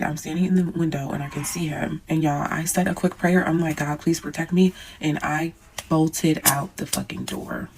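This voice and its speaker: Young woman vlogger, storytime to camera, lowish voice, faint room hum, animated and blunt. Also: rough recording. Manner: animated, swears, addresses viewers as y'all.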